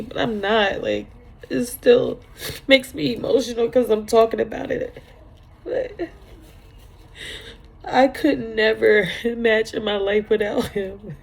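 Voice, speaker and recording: A woman in her thirties telling a personal story in a vlog, halting and tearful, repeating her words as she cries at times. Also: a little high, gravelly, slightly rough. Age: 30s. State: crying at times. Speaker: vlogger.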